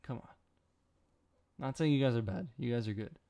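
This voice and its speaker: A man's voice: mid-range voice, normal speed, dark tone, clean tone. A young man, sleepy, rambling and joking with his chat during a casual late-night stream. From Canada.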